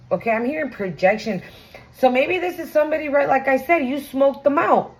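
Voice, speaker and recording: A woman's voice: sits high, expressive, normal speed, rough recording. Blunt, slangy woman doing a tarot reading. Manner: chatty and blunt, swears freely, slangy. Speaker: tarot reader. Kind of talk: casual tarot reading to viewers.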